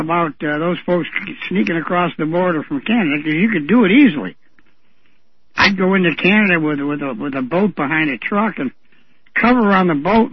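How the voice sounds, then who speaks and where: A man on a radio talk show, telling anecdotes in a relaxed, chatty way. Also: high-pitched, husky, no room sound. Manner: chatty storyteller, acting out the voices of people he quotes. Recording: dry, dull radio audio.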